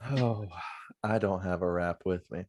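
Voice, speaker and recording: Man, low husky voice, slow, lively pitch, laid-back, podcast co-host. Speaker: podcast co-host running the sound. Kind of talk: casual chat among friends.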